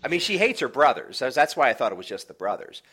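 A man in casual podcast chat about a comic, animated and quick to agree. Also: medium pitch, breathy edge. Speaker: podcast co-host.

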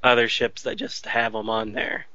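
Man, rambling podcast co-host, bright tone, dull dry recording. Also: mid-range voice, little pitch movement, normal speed, no room sound. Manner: hesitant, rambling, self-deprecating. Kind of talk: casual chat.

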